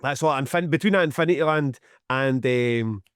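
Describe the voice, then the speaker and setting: A man's voice: mid-range voice, moderate pace, fairly bright tone, clean tone, no room sound, studio quality. A Scottish man co-hosting a podcast in casual, sweary, teasing chat. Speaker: podcast co-host.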